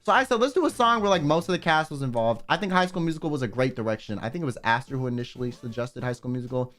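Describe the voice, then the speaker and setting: A young man chatting casually on a livestream, telling a story with lots of swearing and sudden high yelps. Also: very fast, a bit bright, soft background music. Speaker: streamer. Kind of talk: casual stream chat.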